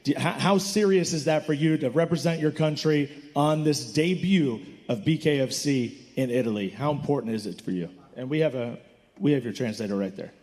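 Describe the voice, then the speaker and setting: Upbeat host in a reverberant hall. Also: male voice, medium pitch, moderate pace, darkish tone. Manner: upbeat, hypes the fighters. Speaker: press conference host. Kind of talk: moderating a fight press conference. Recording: reverberant hall, faint crowd.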